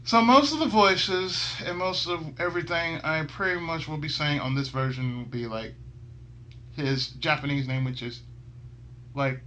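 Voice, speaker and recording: A man's voice: medium pitch, pushed and bright, a little hiss or hum. A man hosting a gaming channel, chatting casually and rambling, laughing a lot as he goes. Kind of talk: casual chat.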